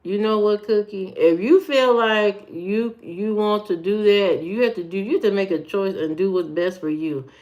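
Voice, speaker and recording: This Indiana-accented woman hosts a live stream, replying straight to viewers' comments with blunt, easygoing talk. Her medium-pitched voice is a little mellow and runs at a normal speed with few pauses, though the recording is muffled.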